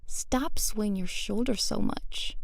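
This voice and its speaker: A woman's voice: mid-range voice, takes it slowly, gravelly, dry recording. A woman with a British accent voicing a bubbly, teasing young woman friend in a read-aloud story. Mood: coaxing. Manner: giggly, teasing, upbeat. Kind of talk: scripted audiobook narration.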